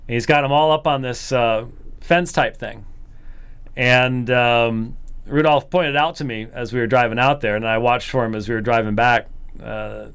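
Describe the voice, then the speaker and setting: A man's voice: mid-range voice, steady tone, moderate pace, fairly bright tone, smooth. A man hosting a commentary program who talks casually and mimics other voices in the middle of sentences. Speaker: host of apologetics program.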